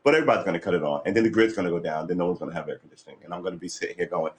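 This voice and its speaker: On his morning livestream, a tired, slightly cranky man rambles casually, sighing and restarting often while adjusting his desk mic. His low voice comes out rapid-fire with hardly any pauses, over slight background noise.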